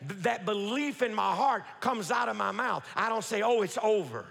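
A man's voice: sits high, vocal fry, bright, forceful tone. A man preaching a sermon in a church, emphatic and repetitive, firing rhetorical questions and leading the congregation to repeat lines after him. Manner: emphatic, repetitive, leads the congregation in call-and-response; quick rhetorical questions and restarts. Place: church sanctuary. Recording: reverberant church hall.

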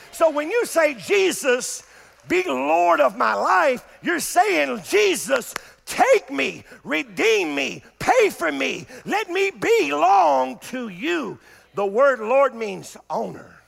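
Man, pastor, fervent sermon, high-pitched gravelly voice, lively swings in pitch. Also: long reverb tail. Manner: fervent, repetitive preaching with shouted climaxes. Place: church before a congregation.

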